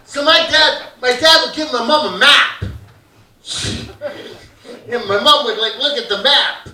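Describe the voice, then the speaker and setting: Heard through a distant mic in a reverberant theater, a Hamilton comic in his fifties delivers a loud, crude, meandering routine to a live crowd. His voice is very high, bright, and forceful, and he speaks a little slowly.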